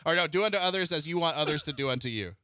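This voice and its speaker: A man's voice: a little high, animated, very fast, sharp tone, no room sound, clean studio sound. A man co-hosting a radio show, chatting casually and playfully giving advice. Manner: playful, joking, confident.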